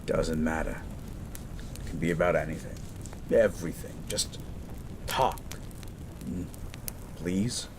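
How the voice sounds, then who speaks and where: A man playing a gruff but caring young medical student in a romantic audio roleplay, pleading and tender. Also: sits low, slow pace, long pauses, background noise. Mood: tender worried.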